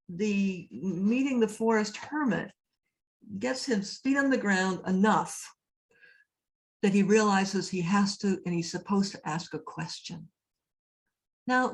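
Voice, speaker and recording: A woman priest giving a conversational lecture, telling stories and often turning to ask her listeners questions. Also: mid-range voice. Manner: storytelling, often asks the audience questions. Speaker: priest and labyrinth teacher giving a talk. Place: cathedral speaker event.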